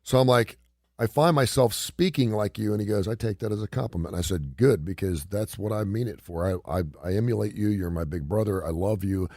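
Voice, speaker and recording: A man's voice: fairly low pitch, a little fast, darkish tone, no room sound, clean studio sound. A middle-aged man hosting a radio talk show, chatting casually and reading headlines aloud. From not from the South. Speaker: radio host.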